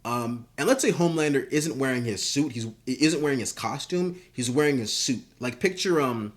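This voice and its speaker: Rambling, casual man, mid-pitched voice. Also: expressive, normal speed. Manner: rambling and profane, with many fillers. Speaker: video creator. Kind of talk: casual spoken pitch of a story.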